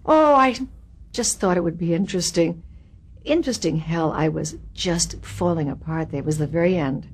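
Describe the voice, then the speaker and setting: An older woman, an actress, telling animated and self-mocking anecdotes from her career in an interview, laughing at her own stories. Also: fairly low pitch, moderate pace, a little hiss or hum.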